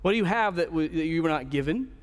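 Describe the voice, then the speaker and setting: A man's voice: fairly high pitch, expressive, fast talker, long reverb tail. A man preaching an earnest expository sermon as pastor, often restarting his phrases.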